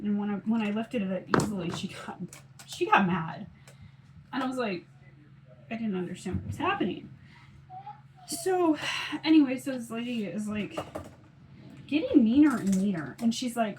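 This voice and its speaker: A woman's voice: fairly high pitch, animated, normal speed, a little mellow, slight background noise, rough recording. A woman casually telling a long story about her day, rambling and quoting herself with lots of "I was like". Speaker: mom vlogger.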